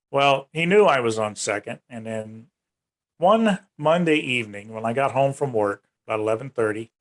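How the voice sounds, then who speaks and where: Man telling a story, acting out quotes. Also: a bit bright. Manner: retells events in long runs, raising his pitch to act out quoted speech. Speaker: UFO research organization director, guest. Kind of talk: casual storytelling in a podcast interview.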